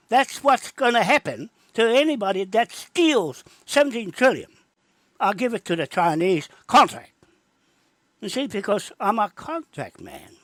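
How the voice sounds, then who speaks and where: A man's voice: high-pitched, no echo. A man, rambling emphatically from topic to topic in a livestream monologue into his phone.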